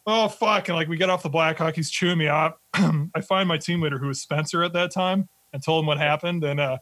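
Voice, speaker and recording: A young army veteran telling stories in an animated, profane way during a casual podcast chat. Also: male voice, a little high, a little fast, no echo.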